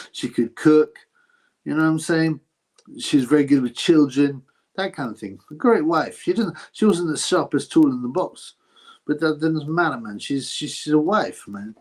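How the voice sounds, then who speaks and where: A man's voice: fairly high pitch, expressive, unhurried, long pauses, darkish tone. A man with a British accent hosting a live stream, reading out viewer questions and answering them in a blunt, crude, casual way. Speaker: livestream host answering chat. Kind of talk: casual live-chat commentary.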